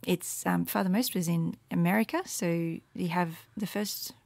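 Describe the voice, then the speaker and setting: A woman giving a casual, rambling screen walkthrough of her Latin study resources, with many fillers and soft murmured asides. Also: on the low side, steady tone, unhurried, gravelly, no room sound. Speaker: Latin teacher making resources.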